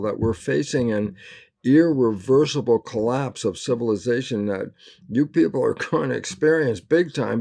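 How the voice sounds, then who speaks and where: A man's voice: mid-range voice, darkish tone. An older man, a biologist guest in an interview, talking earnestly and emphatically and acting out little quoted exchanges as he goes. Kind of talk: animated interview talk.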